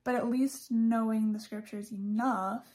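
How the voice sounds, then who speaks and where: A woman's voice: fairly high pitch, fairly even intonation, unhurried, a little mellow. A woman hosting a podcast, talking casually about a religious speech, chatty, with frequent laughs and fillers. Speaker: podcast host.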